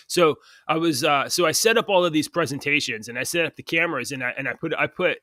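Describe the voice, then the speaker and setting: A man co-hosting a casual podcast, chatty and quick to laugh, often restarting his sentences. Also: mid-range voice, animated, pushed and bright, dry recording, clean studio sound. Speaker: podcast co-host. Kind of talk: casual chat.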